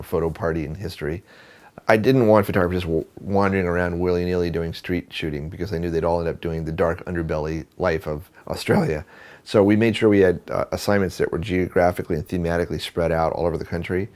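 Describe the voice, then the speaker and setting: A photographer telling a story in an interview, speaking conversationally with fillers and restarts. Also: male voice, low-pitched. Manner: animated, acts out quoted dialogue. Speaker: photographer and book producer.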